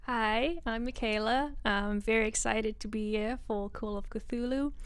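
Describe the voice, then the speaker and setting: A woman's voice: on the high side, fairly even intonation, unhurried, clear, resonant tone, no room sound. A woman introducing herself to a game group, chatting in a bubbly way. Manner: bubbly, laughs easily. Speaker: player and composer. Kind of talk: casual tabletop chat.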